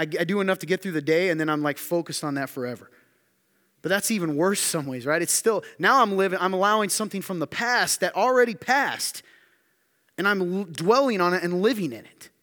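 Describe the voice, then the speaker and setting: A man preaching a sermon to a room, firing emphatic questions and dropping to quiet asides. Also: on the high side, lively intonation, a little fast. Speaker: pastor. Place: church hall with audience. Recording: long hall reverb.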